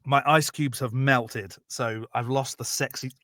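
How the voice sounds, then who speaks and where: A man telling a Bible story as a rambling, profane, jokey comedy podcast bit, slipping into quick character voices. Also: mid-range voice, steady tone, pushed and bright, dry recording.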